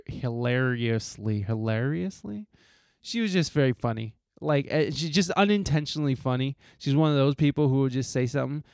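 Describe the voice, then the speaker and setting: A man's voice: mid-range voice, a little mellow, clear, resonant tone, no echo, studio quality. A man hosting his own podcast, talking in an earnest, heartfelt way with casual swearing and lots of restarts. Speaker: podcast host. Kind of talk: solo podcast talk.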